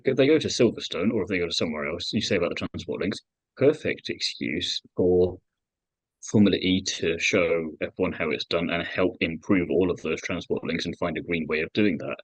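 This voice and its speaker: A man's voice: sits low, no room sound, rough recording. A man co-hosting a casual podcast, opinionated and rambling, with jokes mixed in. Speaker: podcast co-host.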